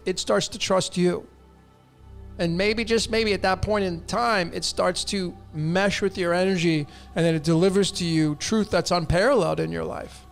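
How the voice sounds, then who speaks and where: A man's voice: high-pitched, fairly even intonation, moderate pace, vocal fry, soft background music. A man hosting a live stream, answering viewer questions in a blunt, emphatic way and often repeating his phrases. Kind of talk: casual live-stream talk.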